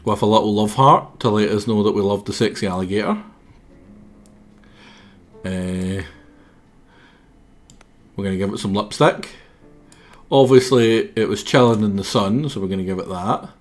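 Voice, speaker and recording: A man's voice: lowish voice, normal speed, long pauses, soft background music. A man streaming a game, with a sore throat, rambling and self-mocking as he stumbles over his words. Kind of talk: casual game commentary.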